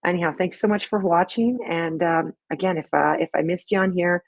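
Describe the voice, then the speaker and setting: This is a middle-aged woman hosting a casual live stream about making her comedy sketches. Her voice sits on the low side and has a husky, breathy edge. The sound is dry and close, with no room echo, and she talks in a loose, rambling way full of fillers. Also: fairly even intonation, fairly quick. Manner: chatty, rambling storytelling with many fillers. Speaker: sketch comedy creator and host.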